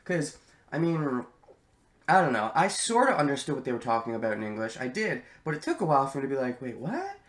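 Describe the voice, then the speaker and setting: A man of ordinary pitch gives a casual, unscripted spoken commentary, full of ums and restarts and free with a swear word. His voice carries a roomy echo, as if he is recording in a bare room. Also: very animated, fast. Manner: rambling and candid, many ums, swears freely. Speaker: anime reaction youtuber.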